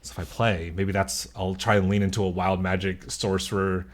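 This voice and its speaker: A man's voice: deep voice, little pitch movement, normal speed. A man chatting as a podcast guest, rambling and often laughing mid-sentence. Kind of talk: casual chat.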